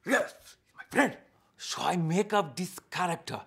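An eccentric male psychic, rattling off broken English in an excitable, crude patter. His voice is high, bright, and wildly swinging in pitch. He sounds like a showman trying to hypnotize his audience. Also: measured pace, gravelly, slightly rough, full character voice. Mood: hypnotic. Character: eccentric male spoon-bending psychic impression.

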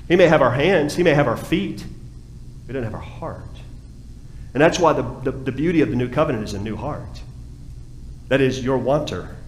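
A man preaching with passion, his fairly high voice swinging from hushed pleas to raised appeals. He sounds like a pastor in a roomy church sanctuary. A faint hiss sits under the echo. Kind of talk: sermon.

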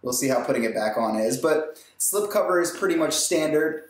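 A man's voice: a little high, animated, normal speed. A man hosting a casual unboxing, chatting with joking, self-mocking asides. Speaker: host. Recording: echoey room.

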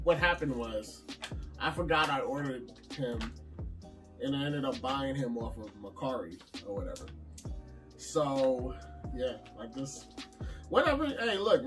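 A man in a casual, slangy unboxing chat, addressing his viewers as a crowd of friends. His voice sits somewhat high for a man and sounds set back from the microphone. Music plays clearly underneath. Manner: slangy, chatty, talks to viewers as "y'all". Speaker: vlogger unboxing anime figures. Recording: distant mic with music behind.

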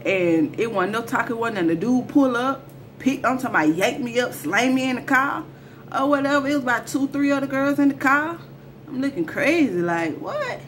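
A woman's voice: high voice, lively intonation, fairly quick, a bit bright, a little hiss or hum. A woman telling a personal story to her viewers in a casual storytime vlog, talking in slang and speaking straight to them. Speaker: storyteller vlogger.

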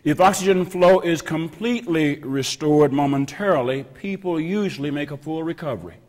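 A man preaching a sermon as pastor, slow and emphatic, repeating phrases with heavy pauses and sometimes dropping to a whisper. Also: a little high, darkish tone. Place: church sanctuary. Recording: long reverb of a church hall.

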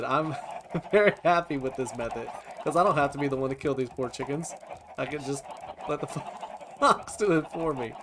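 A man hosting a video game let's play, chatting casually and often bursting into high-pitched shouts and laughter. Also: moderate pace, background noise. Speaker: gaming channel host.

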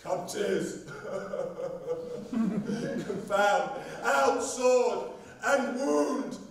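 An actor playing an overblown, lovesick stage hero on a theatre stage, declaiming in mock-tragic style. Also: male voice, high-pitched, slight background noise. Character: Pyramus, a lovesick young hero played by a clumsy craftsman. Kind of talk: amateur stage acting. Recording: echoey hall from far off.

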